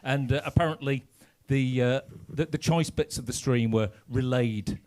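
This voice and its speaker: A man's voice: mid-range voice, moderate pace, darkish tone. A man with a Lancashire accent hosting a band's live stream, cheery and rambling, poking fun at himself. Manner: cheery, rambling, self-mocking. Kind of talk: live stream banter and announcing. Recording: live stream with band music behind.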